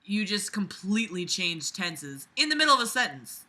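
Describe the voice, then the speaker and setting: A woman's voice: mid-range voice, big pitch swings, normal speed, bright, forceful tone. A woman reading a story aloud and mocking it with sarcastic, profane commentary. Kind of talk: comedic dramatic reading with commentary.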